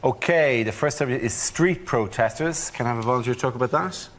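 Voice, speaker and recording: A man hosting a comedy panel show, handing over topics in brisk, upbeat introductions. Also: mid-range voice. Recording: loud audience and noise.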